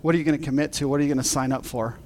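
Animated pastor man, higher voice. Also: very fast. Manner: animated storyteller, laughs through his anecdotes. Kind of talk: sermon with a humorous personal story.

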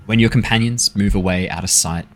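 Brief: low-voiced man as game master, hesitant, lots of restarts. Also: fairly quick, fairly bright tone. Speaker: dungeon master. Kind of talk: tabletop game narration.

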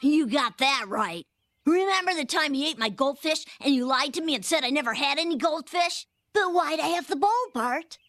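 A woman's voice: high-pitched, expressive, normal speed, fairly bright tone, no room sound, studio quality. Milhouse: a woman doing a whiny nerdy boy. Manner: whiny, accusing. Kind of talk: cartoon voice acting.

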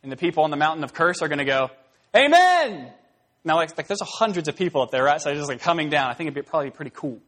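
A man with a slightly high-pitched voice delivers an expository sermon. He talks casually and conversationally, with fillers and side remarks, and livens his points by acting out little scenes. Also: rapid-fire, hardly any pauses. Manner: animated storytelling, acting out scenes. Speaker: preacher.

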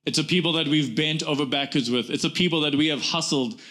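A man's voice: fairly high pitch, quick pace, bright, forceful tone. A pastor in his forties preaching a sermon to his congregation, emphatic and repetitive, often calling them "guys". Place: church before a congregation.

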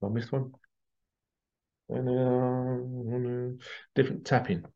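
A man's voice: mid-range voice, level tone, slow, muffled recording. A man working as a healing therapist, talking casually in a rambling way and repeating his phrases. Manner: rambling, repeats phrases, acts out quoted voices. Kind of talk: casual monologue to camera.

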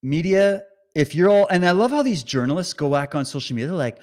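A man's voice: fairly high pitch, lively intonation, brisk, a little mellow. Male commentator, heated and sarcastic, swings his voice widely as he rants. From Canada. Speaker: online commentator. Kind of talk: ranting commentary over clips.

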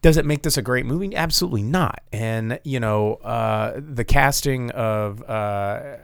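A man's voice: medium pitch, unhurried, clear, resonant tone, no echo. A man co-hosting a podcast, chatting casually and a bit profanely about a movie he saw, rambling with many fillers and restarts. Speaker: podcast co-host. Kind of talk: casual movie review chat.

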